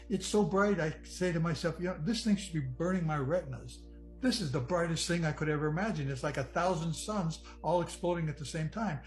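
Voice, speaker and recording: A man from Michigan giving an earnest personal testimony about nearly drowning, reflective and halting, often restarting his sentences. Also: on the high side, low-quality recording. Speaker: near-death experience storyteller. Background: soft music.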